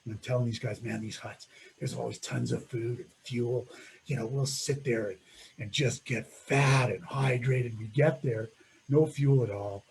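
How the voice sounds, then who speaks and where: A man's voice: medium pitch, moderate pace, vocal fry, a little mellow, slight background noise, poor audio. A middle-aged man telling a climbing story over slides in a reflective way, often laughing and trailing off.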